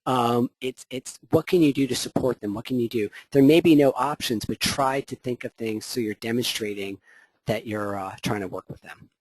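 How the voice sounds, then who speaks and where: A man's voice: medium pitch, normal speed, a little mellow, no echo, poor audio. A man leading a workplace training session, chatty and rambling, with lots of fillers and self-corrections. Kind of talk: conversational training talk.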